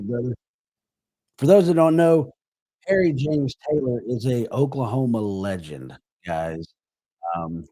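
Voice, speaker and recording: Male sports podcast host, hoarse and husky, dry close sound, rambling casual delivery, shouting out viewers. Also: medium pitch, dry recording. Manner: rambling, greeting live chat viewers by name. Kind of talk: live sports podcast chat.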